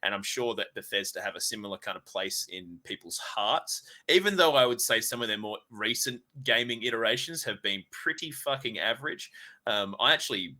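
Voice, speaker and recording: A man's voice: on the low side, fairly quick, pushed and bright. A man co-hosting a casual gaming chat show, rambling with lots of fillers and swearing. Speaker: podcast co-host.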